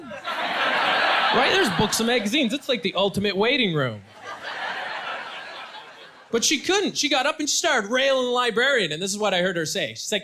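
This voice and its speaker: A man's voice: very high voice, big pitch swings, normal speed, long pauses. A man performing stand-up comedy with punchy, self-deprecating delivery. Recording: live show with loud crowd and noise. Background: audience laughter.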